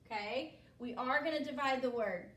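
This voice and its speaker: At a moderate pace and in a fairly bright, high-pitched voice, a woman teaches spelling with patience, following each step with "okay?". The sound is distant and echoey.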